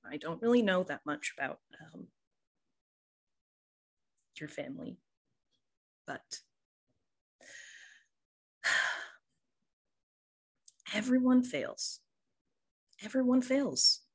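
Gm doing a kind woman comforting a friend, soft and unsure, slowish. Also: medium pitch, sing-song, voice pushed up, exaggerated voice. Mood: gentle, consoling. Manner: soft, hesitant, reassuring. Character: gentle kindly woman consoling a young friend.

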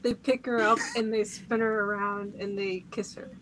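A woman's voice: mid-range voice, level tone, moderate pace, fairly bright tone, slight background noise, low-quality recording. A woman player describing her character's actions in an easygoing way. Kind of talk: casual tabletop play.

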